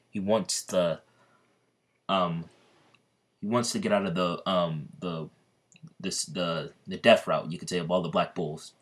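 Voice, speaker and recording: A man telling a fan-made story in a hesitant, rambling way, full of ums and restarts. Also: deep voice. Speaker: channel host.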